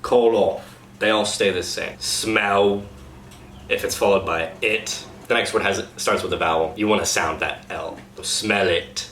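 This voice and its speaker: A man's voice: on the low side, a bit bright. Upbeat man teaching dialect sounds. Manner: upbeat, demonstrates sounds slowly. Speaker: dialect coach. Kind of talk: casual dialect lesson. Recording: echoey room, faint noise.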